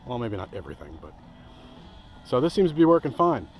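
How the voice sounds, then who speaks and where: A man's voice: medium pitch, big pitch swings, moderate pace, low-quality recording. A man walking through his hammock setup outdoors in a casual vlog, enthusiastic and rambling, often breaking off mid-sentence. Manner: enthusiastic, rambling, self-interrupting. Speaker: outdoor gear reviewer. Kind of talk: casual gear demo vlog. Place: outdoors by a hammock among trees.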